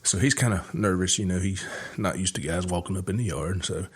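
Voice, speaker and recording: A podcast host with a drawl and a somewhat low voice. He spins a yarn in a loose, folksy way, full of "uh" and "you know". The talk is relaxed and chatty. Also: brisk, slightly rough. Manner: folksy, rambling, with many fillers and chuckles. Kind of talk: casual storytelling chat.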